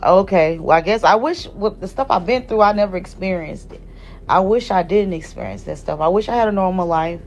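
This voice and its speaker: A woman's voice: mid-range voice, a little fast, a little hiss or hum. Woman rambling emotionally on a phone.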